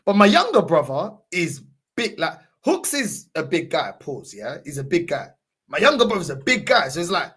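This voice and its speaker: Husky guy telling a story, lively, slangy, laughs a lot. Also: high voice, fast talker. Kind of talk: casual chat.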